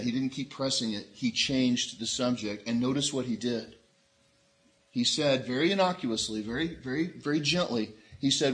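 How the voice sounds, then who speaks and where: Animated bright-voiced male preacher. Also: medium pitch. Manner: animated preaching, acts out voices of people in the story. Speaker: pastor. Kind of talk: sermon.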